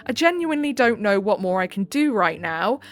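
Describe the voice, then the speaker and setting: A woman's voice: mid-range voice, big pitch swings. A young woman reads online relationship posts aloud and adds frank, sarcastic commentary of her own. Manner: sarcastic, frank, quick to laugh. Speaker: channel host reading online posts. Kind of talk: reading posts with chatty commentary.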